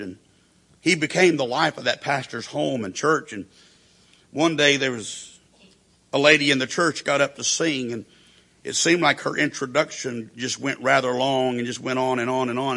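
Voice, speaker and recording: Man, preacher, sermon, storytelling, acts out quotes, husky, tense tone. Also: mid-range voice, bright, forceful tone.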